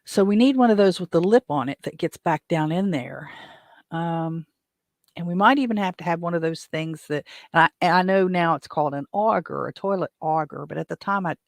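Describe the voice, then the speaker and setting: A man's voice: a little high, a little fast, vocal fry, dry recording, studio quality. A man hosting his own podcast, telling a story in a casual, rambling way, often stopping to back up and correct himself. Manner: rambling, self-interrupting, chuckles while telling. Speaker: podcast host.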